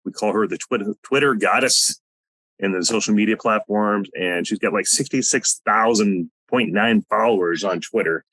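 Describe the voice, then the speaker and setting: A man's voice: lowish voice, normal speed, fairly bright tone, dry recording, low-quality recording. A man hosting a podcast in a loose, rambling, joking way over a video call. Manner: loose and rambling, with fillers and jokey asides. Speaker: podcast host. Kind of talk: casual podcast chat. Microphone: no headset, video call setup.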